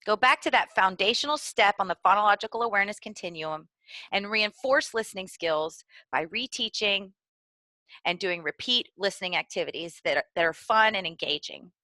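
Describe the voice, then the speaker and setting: A woman giving clear, deliberately enunciated instructional narration for preschool teachers. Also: mid-range voice, bright, forceful tone, no room sound. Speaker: early literacy trainer.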